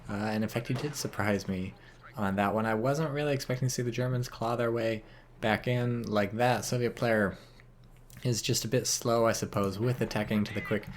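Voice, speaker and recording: A man's voice: on the low side, fairly even intonation, moderate pace, a little hiss or hum. A man casually commentating a strategy game replay, wry and rambling, rising to exclamations at blunders.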